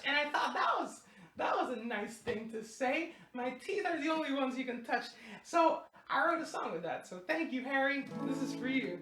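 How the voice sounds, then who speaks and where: A woman's voice: high-pitched, expressive, normal speed, fairly bright tone. A young woman singer-songwriter chatting casually between songs on a live stream, rambling and laughing at herself. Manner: giggly, rambling, self-deprecating. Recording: echoey room with guitar.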